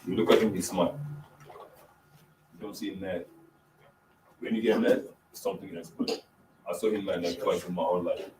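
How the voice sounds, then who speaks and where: A man with a very low voice speaks English as a second language, sharing earnestly in halting phrases. He sits off-mic in a roomy space with faint noise behind him. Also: steady tone, recorded from a distance. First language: not English. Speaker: participant. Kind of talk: personal sharing in a group.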